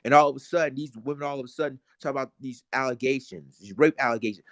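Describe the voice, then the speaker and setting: A man's voice: medium pitch, fast, hardly any pauses, no room sound, clean studio sound. A man vlogging emotional commentary, indignant and repetitive, talking straight to his viewers.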